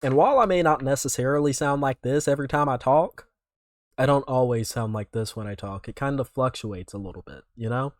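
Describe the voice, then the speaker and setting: A young man from North Carolina hosting casual reaction commentary, rambling and self-correcting with sudden loud outbursts. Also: medium pitch, brisk, no echo, studio quality. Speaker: YouTube reaction host.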